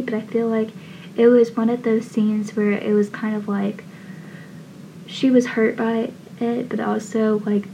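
A woman talks through a TV episode in an easy, chatty way. Her voice sits a little high but has a mellow, soft tone. She trips over words now and then and throws in her own opinions. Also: gravelly, a little hiss or hum, low-quality recording. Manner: chatty, stumbling retelling with opinionated asides. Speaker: TV episode recapper. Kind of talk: casual recap.

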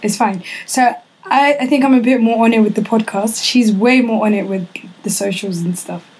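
A woman's voice: fairly high pitch, normal speed, a little mellow, breathy edge, rough recording. A young woman co-hosting a podcast in casual, slangy chat, laughing often and swearing freely. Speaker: podcast co-host.

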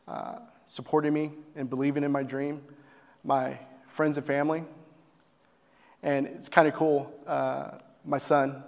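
A man's voice: medium pitch, vocal fry, a little mellow. A young man from Texas, a barbecue business owner, earnestly telling a heartfelt personal story on stage with plenty of fillers. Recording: long hall reverb.

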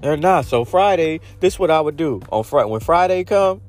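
A man's voice: a little high, moderate pace, soft background music. A man in a casual monologue giving blunt dating advice, acting out little scenes as he goes. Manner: blunt, animated storytelling with acted-out quotes.

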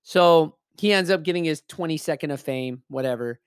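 A man's voice: fairly high pitch, moderate pace, clear, resonant tone, no echo, clean studio sound. A man telling a story in a casual, blunt way, swearing often and speaking with emphasis.

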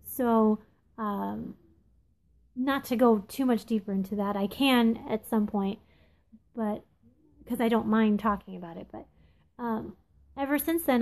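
Candid woman talking it through, slightly high. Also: darkish tone. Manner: candid, confessional, halting with many ums. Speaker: podcast host. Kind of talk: casual reflective monologue. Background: phone texting interruptions.

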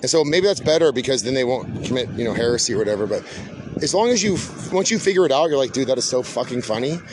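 A man's voice: mid-range voice, lively intonation, fast, noisy background. A man hosting a podcast in a rambling, casual monologue, laid-back and swearing often, calling people "dude". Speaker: podcast host.

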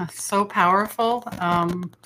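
A woman's voice: lowish voice, steady tone, extremely slow, pushed and bright, a little hiss or hum. A woman hosting an interview, emotional as she reads aloud. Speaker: podcast host.

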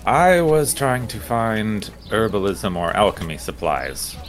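A man's voice: fairly low pitch, big pitch swings, unhurried. A man playing a tabletop game, speaking in a formal, courteous way as his character. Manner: formal, polite in-character speech. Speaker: player.

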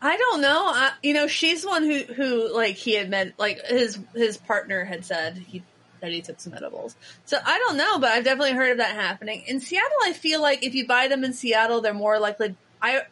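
A woman podcast co-host in casual chat, telling stories in a lively, animated way with quick asides. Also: on the high side.

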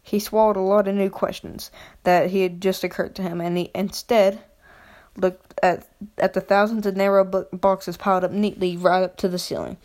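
A woman's voice: medium pitch, little pitch movement, normal speed, a little mellow. A woman reading a novel chapter aloud in an unpolished way, with frequent slips and restarts. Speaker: reader.

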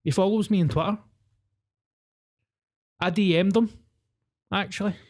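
A man's voice: sits high, fairly even intonation, a little slow, darkish tone. A young man with a Scottish accent, co-hosting a podcast in casual, enthusiastic chat, calling his friend "mate" often. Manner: enthusiastic, says "mate" constantly. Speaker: podcast co-host.

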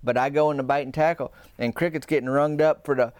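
A man's voice: fairly high pitch, steady tone, quick pace, darkish tone, smooth, dry recording, clean studio sound. A man telling a comic story in a folksy, rambling, drawling way. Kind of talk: comedic storytelling.

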